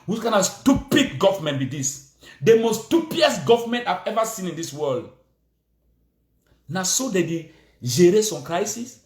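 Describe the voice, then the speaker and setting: A man's voice: high-pitched, big pitch swings, moderate pace, roomy sound. A man with a Cameroonian Pidgin English accent, delivering a heated, repetitive political rant, scolding and insistent.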